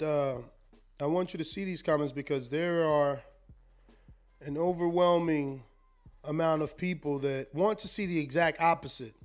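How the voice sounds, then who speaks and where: Chatty boxing stream host, higher voice. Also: male voice. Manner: rambling, repeats words, reads chat comments aloud. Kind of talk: casual live-stream commentary.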